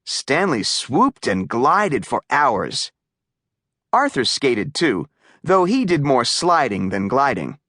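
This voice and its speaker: A woman reads a children's story aloud in an unhurried way. Her pitch moves widely and expressively, and the recording is close and dry. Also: big pitch swings, a bit bright, dry recording. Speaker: audiobook narrator. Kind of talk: children's audiobook narration.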